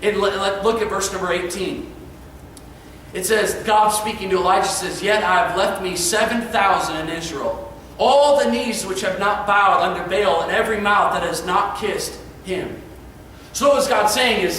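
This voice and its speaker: A man preaching an evening sermon, earnest and emphatic, dropping soft for quiet passages. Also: sits high, moderate pace, a little hiss or hum. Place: church sanctuary. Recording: echoey church hall, far from mic.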